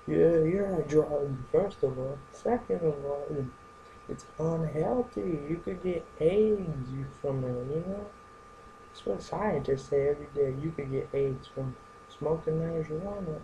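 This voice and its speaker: A young man rambling through a goofy comedic vlog monologue, going from joke to joke with silly deadpan asides. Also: a little high, unhurried, muffled recording, a little hiss or hum. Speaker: vlogger.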